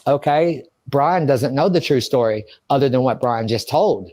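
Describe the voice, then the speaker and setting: A man's voice: medium pitch, expressive, moderate pace, a little mellow. Agitated, rambling man in an interview. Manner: rambling, agitated, swearing, talks to himself. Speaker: interview subject. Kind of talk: emotional interview monologue.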